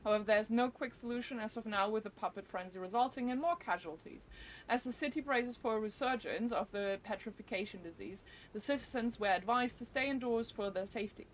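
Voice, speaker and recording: A woman putting on a formal newscaster voice to read a news bulletin aloud, measured and stiff. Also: a little high, a little hiss or hum, close to an everyday voice. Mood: mock-formal. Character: mock news anchor reading a bulletin.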